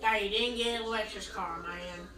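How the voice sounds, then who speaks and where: A woman's voice: mid-range voice, fairly even intonation, normal speed, sharp tone. A woman chiming in with short, teasing, skeptical remarks at a storyteller. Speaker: teasing listener. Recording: distant, echoey room.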